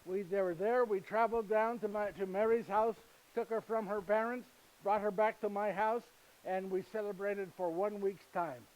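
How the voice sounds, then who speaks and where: An actor playing a humble, earnest Saint Joseph in a live monologue, speaking halting, slightly broken English directly to his listeners. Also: high-pitched, steady tone, a little mellow, lightly acted, low-quality recording. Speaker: actor in first-person monologue. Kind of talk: live dramatic monologue to an audience. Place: retreat gathering with live audience.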